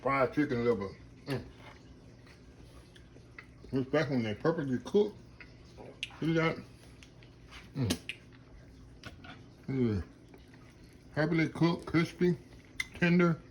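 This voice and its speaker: A male cooking channel host with a slightly high voice and lively intonation speaks slowly, leaving long pauses, over slight background noise. He chats casually with his mouth full, murmuring "mm" between bites, in Southern phrasing that includes "y'all."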